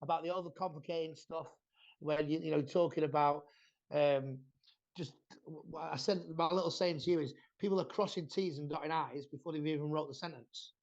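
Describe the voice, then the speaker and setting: A man's voice: a little high, steady tone, fairly quick, a little mellow. A man hosting a casual podcast chat about training, blunt and swearing freely as he rambles through his points. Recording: dull lo-fi sound.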